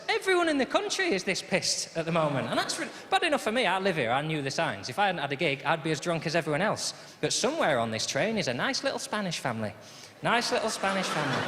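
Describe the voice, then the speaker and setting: A man's voice: high voice, sing-song, quick pace. A man doing a live stand-up routine on a theatre stage, grumbling and sardonic as he tells a story into a handheld mic. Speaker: stand-up comedian and host. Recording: echoey hall, loud audience laughter.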